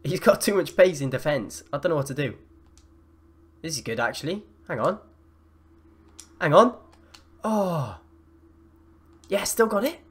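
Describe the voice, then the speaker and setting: Excitable young man commentating gameplay. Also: fairly high pitch, moderate pace, pauses often, husky. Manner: excitable, yells and gasps at plays. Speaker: gaming YouTuber.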